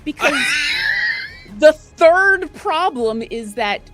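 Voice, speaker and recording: A woman's voice: high-pitched, animated, slow pace, shouting, faint music behind. A woman playing a tabletop game, describing her character's actions in a rambling way with restarts. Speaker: player.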